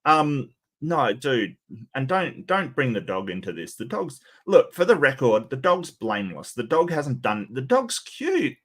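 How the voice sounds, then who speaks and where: A man hosting a livestream, giving casual sarcastic commentary with many halting restarts. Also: mid-range voice, very animated, slightly rough. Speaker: livestream host.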